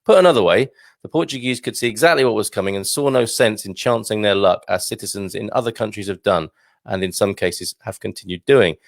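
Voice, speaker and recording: Guy reading out news stories, low gravelly voice, keeps wandering off into little jokes, bit of a cough. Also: brisk, dry recording, clean studio sound. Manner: digressive, jokey asides. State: slight cough. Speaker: channel host reading news. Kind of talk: chatty news commentary.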